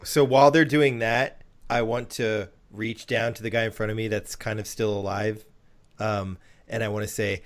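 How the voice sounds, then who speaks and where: A man's voice: lowish voice, steady tone, moderate pace. A man playing a tabletop role-playing game, making grim, stern declarations in character. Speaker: player.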